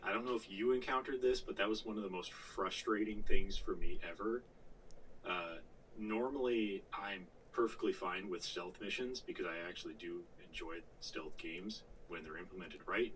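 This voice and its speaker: A man's voice: deep voice, moderate pace, fairly bright tone, far from the mic, slight background noise, low-quality recording. A man co-hosting a podcast, telling a long gaming story in casual chat, full of fillers, restarts and the odd swear word. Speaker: podcast co-host.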